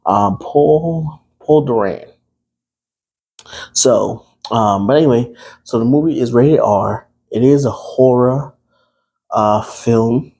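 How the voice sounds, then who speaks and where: Chatty man with a husky voice. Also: medium pitch, slow pace, pauses often, warm tone. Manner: chatty, playful, addresses viewers as y'all. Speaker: movie review vlogger. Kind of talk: casual to-camera movie review. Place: room with a TV behind him.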